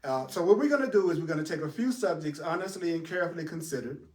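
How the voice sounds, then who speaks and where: A man leads a spiritual class with an animated, chuckling delivery, his voice sitting a little high. He keeps asking rhetorical questions and answering them himself. The sound is roomy and distant, as if the mic sits well away from him. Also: fast talker. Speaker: spiritual teacher. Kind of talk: teaching a class.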